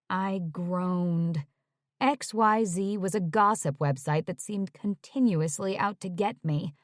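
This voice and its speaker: A woman narrating a romance audiobook in the first person, measured and wry, on a close studio mic. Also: fairly low pitch, no echo.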